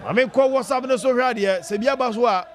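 High-pitched excited man commentating. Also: fast talker, a little hiss or hum. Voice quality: high-pitched, shouting bursts, mixing languages. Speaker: radio football commentator. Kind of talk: excited live football commentary with callers.

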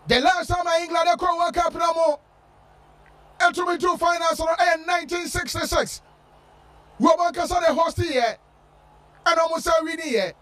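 A man giving shouted football commentary with a chanting, sing-song delivery. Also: extremely high pitch, recorded from a distance. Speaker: sports commentator.

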